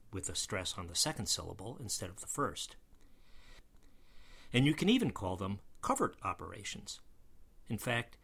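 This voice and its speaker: A man's voice: on the low side, bright, forceful tone. A man giving a scripted lesson on word pronunciation, with dry, wry humor and emphatic stress on key words. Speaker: pronunciation lecturer. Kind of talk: scripted educational narration.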